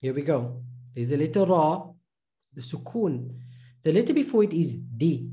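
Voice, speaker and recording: This man's fairly high voice has a mellow, sing-song quality. He's teaching reading in a recorded pronunciation lesson, patiently working through syllables and saying each sound over several times, slowly and repeatedly.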